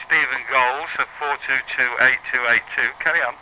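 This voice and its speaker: A man's voice: mid-range voice, steady tone, a little fast. Teasing man on a noisy phone line. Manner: teasing, rambling, giggly. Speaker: caller. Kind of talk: taunting phone call. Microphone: telephone line. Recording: noisy taped phone call.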